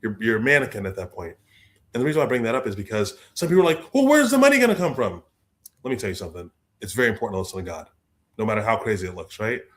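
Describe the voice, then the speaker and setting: A young adult man, a guest author telling stories in a lively way, acting out the people he quotes. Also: on the low side, very fast. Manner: expressive, acts out quoted voices, repeats words. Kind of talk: animated storytelling in conversation.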